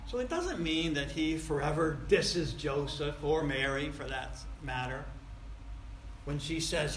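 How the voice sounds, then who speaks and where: A male pastor preaching a sermon emphatically, with big swings in loudness. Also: mid-range voice, measured pace, slight background noise. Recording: echoey room.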